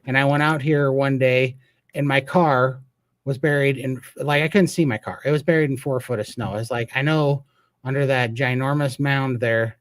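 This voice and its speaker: A man's voice: mid-range voice, fairly even intonation, normal speed, no echo. Earnest man hosting a live Q&A. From Montana, USA. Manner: earnest and emphatic, with a storytelling streak. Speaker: host. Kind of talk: live Q&A chat.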